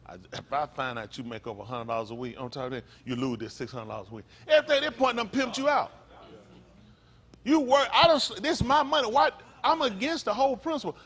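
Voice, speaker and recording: A fiery man preaching to his congregation in a high, lively voice that leaps all over its range. He talks in loose slang, drops to low mutters, then bursts out loud and fires rhetorical questions at the crowd. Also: fast talker. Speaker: pastor. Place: congregation meeting room.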